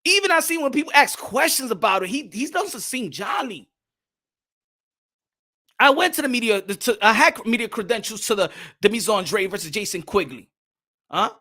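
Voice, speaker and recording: A man's voice: high-pitched, lively intonation, normal speed, pushed and bright. A man hosting a live boxing stream, ranting heatedly and greeting viewers in the chat, with profanity and lots of repeated words. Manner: greets chat viewers by name mid-rant. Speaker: boxing commentary host.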